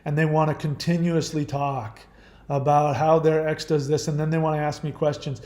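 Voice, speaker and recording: A man's voice: a little high, level tone, brisk. Blunt, profane older man in a roomy echo. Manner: blunt and profane, with sharp rhetorical questions; trails off and restarts often when musing. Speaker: channel host answering viewer questions. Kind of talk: casual advice monologue.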